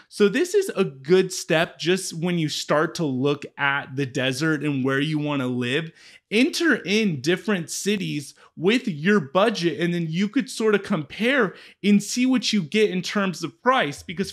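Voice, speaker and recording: A man's voice: high-pitched, fairly bright tone. A man, a real estate agent giving a casual walkthrough of a home search, chatty and often checking in with the listener. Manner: chatty, keeps checking in with "okay?".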